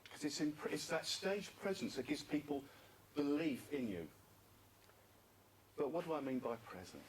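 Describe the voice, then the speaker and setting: A man giving an interactive talk at a speaking club conference, asking the audience questions and repeating their answers. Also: mid-range voice. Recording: distant mic with faint background noise.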